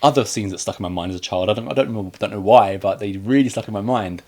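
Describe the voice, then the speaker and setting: A man's voice: fairly low pitch, racing, darkish tone. A man co-hosting a casual film review, chatty and joking, acting out scenes with quoted lines. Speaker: podcast co-host.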